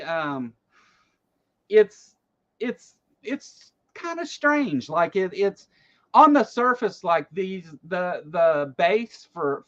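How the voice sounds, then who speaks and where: A man hosting a loose political commentary show, talking in a somewhat high voice. He rambles in an animated way, with plenty of fillers and swearing, and the recording sounds dull and lo-fi.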